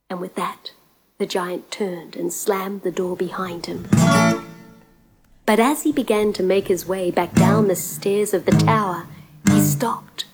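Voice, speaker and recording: A woman telling a fairy tale in a lively, expressive way, stretching words for effect. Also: mid-range voice, unhurried. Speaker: storyteller. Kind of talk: storytelling. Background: guitar music.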